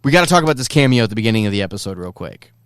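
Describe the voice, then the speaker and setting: A middle-aged man co-hosting a casual podcast, talking like an excited fan and jumping into quoted lines. His voice is smooth and resonant. The recording is dry and close. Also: lowish voice, rapid-fire, no room sound. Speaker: podcast co-host. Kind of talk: casual chat.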